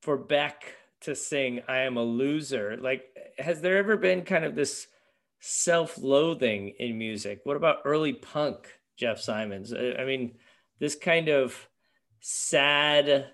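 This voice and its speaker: A man hosting a relaxed discussion, musing aloud and leading the talk with questions. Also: medium pitch, slow. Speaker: podcast host. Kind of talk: casual discussion.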